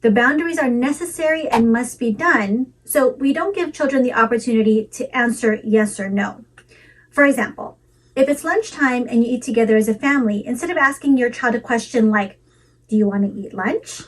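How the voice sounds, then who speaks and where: A woman giving a calm, measured talk with practical tips for parents, in a melodic teaching delivery. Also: fairly high pitch, far from the mic, poor audio. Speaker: parenting educator. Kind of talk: scripted instructional talk.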